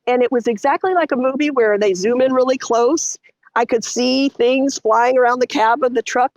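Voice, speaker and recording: Animated middle-aged Texan woman, bright. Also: moderate pace, no echo. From Texas. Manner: animated, vivid storytelling with lots of pitch swings. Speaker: guest. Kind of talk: storytelling interview.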